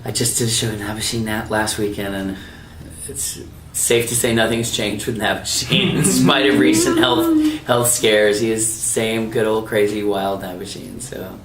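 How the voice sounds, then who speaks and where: Man, voice actor, storytelling interview, lowish voice, faint background noise. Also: normal speed, echoey room, recorded from a distance. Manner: animated anecdote teller, acts out quoted dialogue. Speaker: voice actor guest. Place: anime convention.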